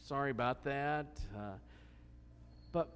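A man's voice: medium pitch, slow, a bit bright. A man voicing a humble old male patriarch who pleads hesitantly and apologetically, stammering. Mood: apologetic. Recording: long hall reverb.

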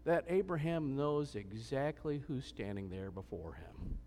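A man's voice: mid-range voice, expressive, unhurried, few pauses, darkish tone. A man preaching a sermon, asking questions and stressing points with emphasis. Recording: long hall reverb.

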